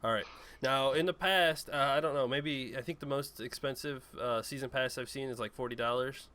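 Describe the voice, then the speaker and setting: Male gaming podcast co-host, average pitch, rambling and exasperated delivery. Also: normal speed, bright, forceful tone, no echo. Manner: exasperated, rambling complaints with many fillers. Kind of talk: casual chat.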